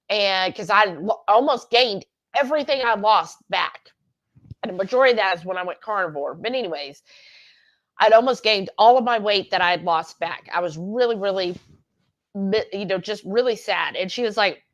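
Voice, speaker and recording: A woman's voice: medium pitch, moderate pace, fairly bright tone. Candid chatty woman. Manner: rambling, candid, self-correcting. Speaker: livestream co-host. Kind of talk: casual chat.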